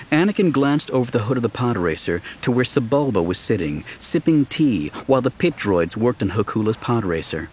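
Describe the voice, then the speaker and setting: Audiobook narrator, male, animated delivery, medium pitch. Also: a little fast, hardly any pauses, a little hiss or hum. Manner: steady storytelling with lively shifts for voices.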